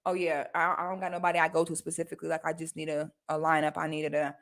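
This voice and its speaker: A woman voicing a laid-back adult male barbershop customer who mumbles hesitantly in slang, with her voice dropped lower than her own. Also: completely flat delivery, fast talker.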